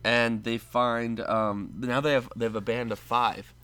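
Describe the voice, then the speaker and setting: A man's voice: medium pitch, flat delivery, a little slow, sharp tone, clear, resonant tone, dry recording. Rambling man reviewing a film, dry sound. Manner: rambling, restarts, laughs, argues points. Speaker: podcast co-host. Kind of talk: casual film review chat.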